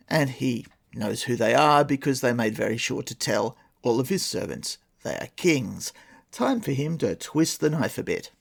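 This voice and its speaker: A man's voice: medium pitch, gravelly. A man casually retelling an old folktale with wry, sarcastic asides as a podcast host. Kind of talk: casual storytelling with commentary.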